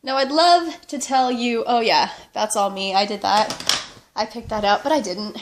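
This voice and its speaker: A woman's voice: on the high side, moderate pace, a little hiss or hum. A woman vlogger with a fever, chatting casually and rambling, with frequent laughter. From United States. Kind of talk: casual vlog chat.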